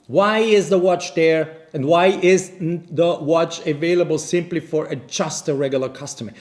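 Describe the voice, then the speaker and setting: A man, a watch channel host, telling a story in casual English, animated and indignant, with many restarts. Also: a little high, moderate pace. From based in Vienna. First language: not English; speaks non-native English.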